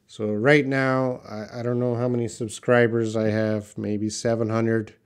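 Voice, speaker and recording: A man teaching English on a live stream, reading out viewers' questions and explaining words slowly and patiently. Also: mid-range voice, flat delivery, smooth. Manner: slow, patient, drawn-out explanations; reads viewer questions aloud. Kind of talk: live-stream English class answering chat.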